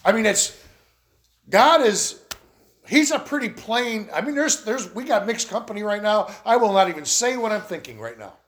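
A man's voice: high voice, big pitch swings, moderate pace, a bit bright. A man preaching a sermon. He tells folksy stories with laughs and asides. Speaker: pastor.

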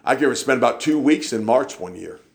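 A man's voice: mid-range voice, animated, fairly quick, vocal fry. A man, preaching in a church and telling folksy stories, acting out the people he quotes. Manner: folksy storyteller, acts out quoted voices. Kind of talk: sermon storytelling.

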